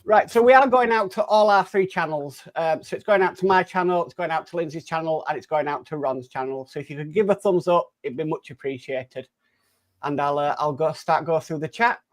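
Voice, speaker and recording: A man's voice: fairly high pitch, a little fast. A man hosting a casual live stream, reading out viewer comments in a friendly, chatty way with plenty of filler words.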